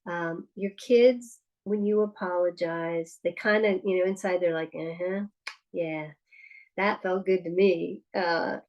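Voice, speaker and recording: A woman's voice: on the low side, darkish tone, rough recording. A woman presenting a parenting workshop, talking candidly and personally with frequent restarts. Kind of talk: conversational presentation.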